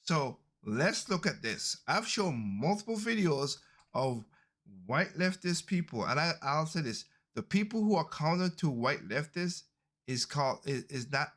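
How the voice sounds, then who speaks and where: A man's voice: medium pitch, a bit bright. Emphatic man hosting a commentary podcast. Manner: emphatic, repeats his points. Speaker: podcast host. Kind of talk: casual commentary on video clips.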